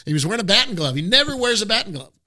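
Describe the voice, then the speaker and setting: A man's voice: sits high, very animated, very fast, sharp tone. A middle-aged man co-hosting a podcast, telling easygoing stories in casual sports chat. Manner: chatty storyteller, easygoing. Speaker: podcast co-host.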